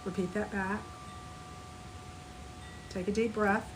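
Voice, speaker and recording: A woman teaching a live online spiritual class, gently guiding listeners through an energy clearing and repeat-after-me compassion phrases. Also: mid-range voice, fairly even intonation, slow pace, background noise.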